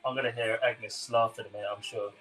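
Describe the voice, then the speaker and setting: A man's voice: fairly low pitch, little pitch movement, quick pace, music in the background, rough recording. A young man with a London-tinged English accent, a chef chatting and laughing with viewers during a live cooking stream. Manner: chatty, laughs often, answers viewer comments.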